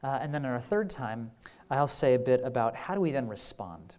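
A man's voice: medium pitch, lively intonation, fairly quick, darkish tone. A man teaching a conference sermon in a conversational way, with frequent fillers, rhetorical "right?" checks and wry humor. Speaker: pastor.

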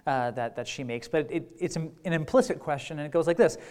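A man preaching a teaching session with an easy, conversational manner. He sprinkles in "right?" checks and dry little jokes, and the fillers and restarts keep it relaxed. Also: on the high side, fast talker, smooth. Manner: wry humor. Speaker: pastor. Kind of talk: conference teaching talk.

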